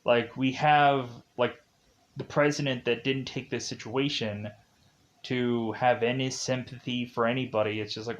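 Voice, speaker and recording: A man walks through a film's plot in an unhurried, rambling recap. His delivery is loose and casual, with frequent "like" fillers. His pitch sits in an average range. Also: fairly even intonation, muffled recording. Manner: rambling, heavy use of "like". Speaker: film reviewer.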